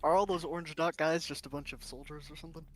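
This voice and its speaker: A man's voice: fairly high pitch, fairly even intonation, quick pace, faint music behind. A man playing a tabletop game, hesitant and searching for words. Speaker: player. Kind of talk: tabletop role-play.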